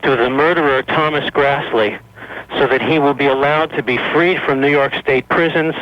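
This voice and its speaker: A man's voice: medium pitch, moderate pace, dry recording. A man calling in to a talk radio show from Manhattan, earnestly laying out suggestions. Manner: earnest, steady, makes suggestions. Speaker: caller. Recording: muffled lo-fi radio phone call.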